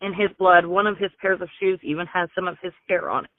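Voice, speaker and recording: A woman's voice: fairly low pitch, fairly even intonation, quick pace, no room sound. A woman joining the call to back up the mother, speaking firmly and emphatically. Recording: tinny phone line, dry.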